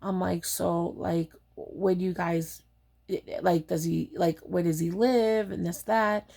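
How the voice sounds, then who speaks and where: A woman tells a personal story in a casual, chatty way, blunt and full of fillers as she acts out both sides of a conversation. Her voice sits a little low and has a gravelly, fried texture. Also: fairly even intonation, unhurried, dark tone. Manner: frequent fillers like "like" and "um".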